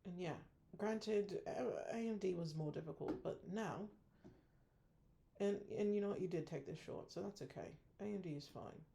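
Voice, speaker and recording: Woman trader, casual self-review, gravelly and mellow-toned, blunt and frustrated with herself. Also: fairly low pitch, normal speed.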